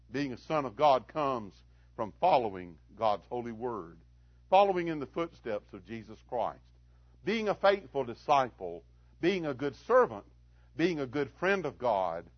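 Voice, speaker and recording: A middle-aged man preaching a sermon, rising to loud emphatic lines and dropping to hushed tones. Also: medium pitch, dry recording, lo-fi sound.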